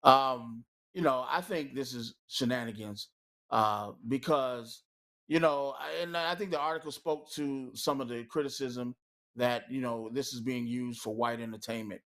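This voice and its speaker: A man's voice: medium pitch, unhurried, fairly bright tone. An angry man holds forth on a talk panel, his voice sitting in an ordinary middle register. He talks with heated emphasis and keeps filling gaps with "you know.". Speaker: co-host.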